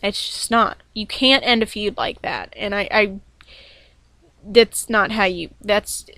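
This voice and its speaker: A young woman recapping a wrestling show in a casual, excited vlog, rambling and self-deprecating with lots of fillers and restarts. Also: mid-range voice, takes it slowly, dry recording. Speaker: wrestling fan vlogger reviewing a show.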